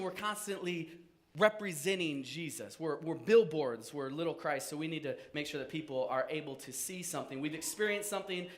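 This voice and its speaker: A man gives a casual, animated sermon in a fairly high voice. He talks conversationally and pokes fun at himself. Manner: conversational, self-joking, animated. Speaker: pastor.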